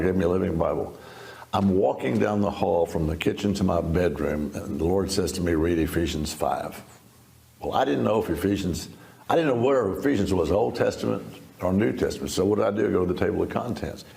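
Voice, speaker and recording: A man's voice: low voice, animated, fairly quick, gravelly, warm tone. A man in his seventies, a guest in an interview, telling his life story in a folksy, laughing, storytelling way. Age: 70s. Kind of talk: storytelling testimony.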